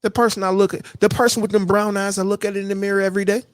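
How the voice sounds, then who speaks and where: A man's voice: high voice, level tone, racing, no echo, clean studio sound. A man hosting his own podcast, ranting bluntly and with a lot of profanity about a complaining coworker, and now and then mocking people in a whiny voice. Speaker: podcast host. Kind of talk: casual rant monologue.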